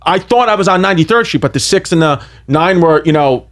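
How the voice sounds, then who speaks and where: A man, telling a wild story on a podcast in an animated, profane way. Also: a little high, brisk. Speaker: comedian guest.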